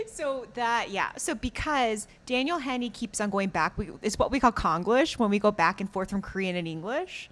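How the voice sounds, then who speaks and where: A woman co-hosting a podcast in easy, animated chat. Her pitch swings widely as she talks, sitting in the middle of the range, and she laughs often between her points. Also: moderate pace. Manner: animated, many fillers and laughs. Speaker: podcast co-host. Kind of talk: casual chat recapping a drama.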